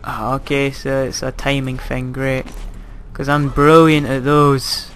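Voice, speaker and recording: A man's voice: mid-range voice, flat delivery, a little slow, a bit bright, slight background noise. A young man giving casual gameplay commentary, self-mocking and sarcastic, swearing when he gets frustrated. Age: young adult. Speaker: gaming commentator.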